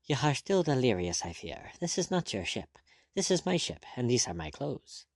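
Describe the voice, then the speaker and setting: A man's voice: medium pitch, big pitch swings, moderate pace, no echo. Man doing a sardonic, mocking pirate captain. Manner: dry, ironic, drawling courtesy. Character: sardonic, cool-headed male pirate captain, mocking and witty.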